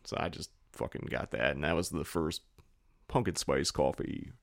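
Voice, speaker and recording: A man's voice: a bass voice, moderate pace, creaky, no echo, clean studio sound. A man co-hosting a podcast in casual chat, swearing freely and laughing at himself. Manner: swearing, self-deprecating, laughs often. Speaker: podcast co-host.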